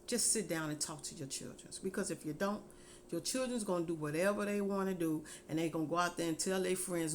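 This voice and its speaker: A middle-aged woman giving casual, heartfelt parenting advice, earnest and folksy, repeating her points slowly. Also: fairly low pitch, slight background noise.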